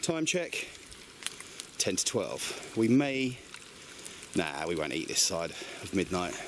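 Chatty man camping in loud rain. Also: sits low, big pitch swings, takes it slowly. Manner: chatty, self-mocking, upbeat. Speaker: vlogger. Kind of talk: casual chat to camera. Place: woodland campsite outdoors in rain at night. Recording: loud rain and crackling outdoors.

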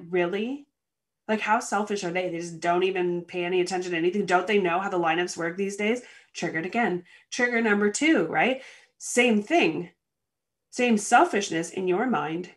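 Woman host, coaching talk told as a vivid story with mock-irritated asides. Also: medium pitch. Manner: lively storytelling, acts out annoyed inner voices. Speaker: coach hosting a show. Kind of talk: motivational talk.

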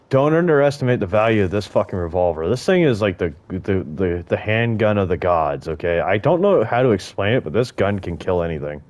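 Lowish-voiced guy cursing and joking his way through a dinosaur game. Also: big pitch swings, fairly quick, a little mellow. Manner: profane, jokey, talks to the creatures on screen. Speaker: gaming YouTuber. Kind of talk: casual gameplay commentary.

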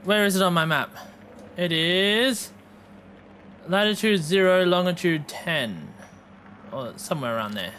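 A man giving let's play commentary, excitable and swearing freely, shouting at enemies. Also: high voice, a little slow, long pauses, slight background noise. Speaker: gamer.

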